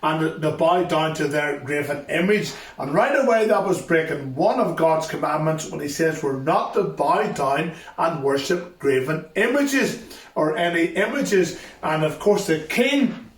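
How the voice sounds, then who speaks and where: A man from a youth ministry telling a Bible story to a school assembly, with emphatic repetition. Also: on the high side. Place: assembly hall. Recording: echoey hall, far from mic.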